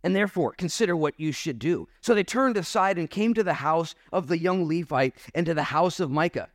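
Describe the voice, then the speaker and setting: Casting note: laid-back male pastor preaching, slightly high voice, dry close sound. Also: lively intonation, brisk, no echo. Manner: casual, joking preacher who reads scripture then riffs. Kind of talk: sermon. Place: church.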